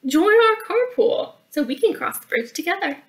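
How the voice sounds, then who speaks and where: Cheery storybook billy goat, bright high pitch, woman reading. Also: sing-song, normal speed. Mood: upbeat. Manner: upbeat, persuasive.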